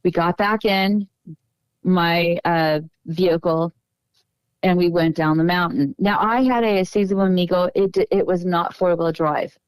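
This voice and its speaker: Smooth-voiced middle-aged woman telling stories. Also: on the low side, darkish tone, no room sound, rough recording. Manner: meandering, self-correcting storyteller. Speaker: podcast guest. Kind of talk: casual storytelling interview.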